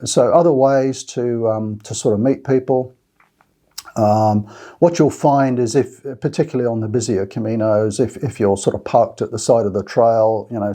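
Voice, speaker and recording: A man's voice: on the low side, warm tone. An Australian man hosting a walking-trip channel, chatting casually to camera in a rambling way with many fillers and restarts. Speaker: Camino walking channel host. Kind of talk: casual talk to camera with notes.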